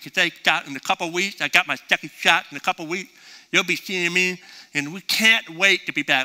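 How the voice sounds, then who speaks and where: A middle-aged male pastor preaching a conversational sermon, acting out little dialogues as he goes. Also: high voice. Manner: conversational, animated, acts out both sides of dialogues.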